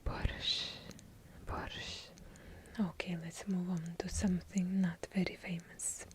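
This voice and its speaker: A woman's voice: fairly low pitch, flat delivery, normal speed, very noisy. A woman with a heavy Russian accent whispering ASMR trigger words, drawing out each repeated word and slipping in wry asides. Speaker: ASMR creator. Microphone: handheld field recorder.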